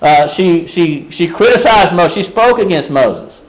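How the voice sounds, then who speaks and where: A man with a high-sitting, animated voice preaches a sermon a little slowly, and the recording quality is low. His delivery is conversational, often turning to the congregation with rhetorical questions, and full of restarts and fillers.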